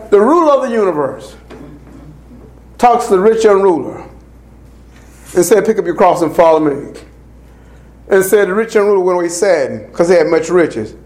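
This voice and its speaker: High-voiced man preaching with rising shouts. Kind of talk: sermon.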